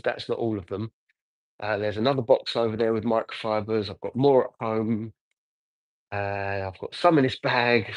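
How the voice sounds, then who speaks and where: A man's voice: medium pitch, no echo, poor audio. An Englishman in his forties chatting casually on a livestream while detailing a car, rambling and answering viewer comments. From England. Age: 40s. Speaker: car detailer live-streaming.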